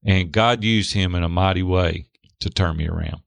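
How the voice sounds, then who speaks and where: A middle-aged man telling a personal story in an interview, lively, acting out the voices of the people in it. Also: low voice, moderate pace, vocal fry, no room sound. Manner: animated, acts out quoted voices. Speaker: guest. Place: Hendersonville near Nashville.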